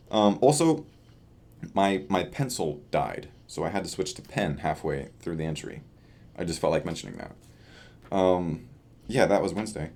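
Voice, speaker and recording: A man's voice: low-pitched, lively intonation, moderate pace, a little mellow. A tired young man chatting loosely in a casual video diary, with lots of fillers. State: tired from lack of sleep. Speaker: vlogger. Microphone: camera facing him.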